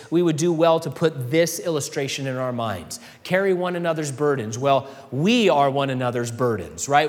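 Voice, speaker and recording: A male pastor delivers an earnest, conversational sermon, his somewhat high voice ringing with a long reverb through a church sanctuary. He asks his listeners rhetorical questions as he preaches.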